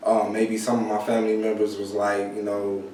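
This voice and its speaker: A man talking in a relaxed, casual way as a guest, leaning on "you know" a lot. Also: on the low side, normal speed. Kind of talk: casual chat. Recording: very echoey room, distant mic.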